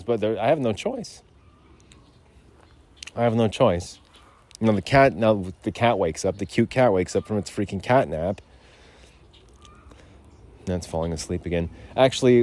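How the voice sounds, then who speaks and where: Low-voiced man rambling casually outdoors. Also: a little mellow. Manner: loose, profane, digressive. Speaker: podcast host. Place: outdoors on a rural lot.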